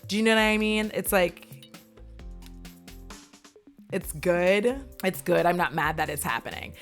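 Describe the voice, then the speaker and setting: A woman's voice: fairly low pitch, animated, normal speed, faint music behind. A young woman recapping a movie in a casual, rambling chat, swearing and wandering off on tangents.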